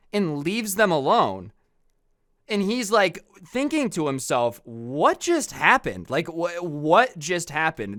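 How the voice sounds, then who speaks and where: Young man, storytime vlogger, casual, slangy, bright voice, smooth tone. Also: on the high side, no room sound, studio quality. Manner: chatty, animated, slangy, acts out quoted voices.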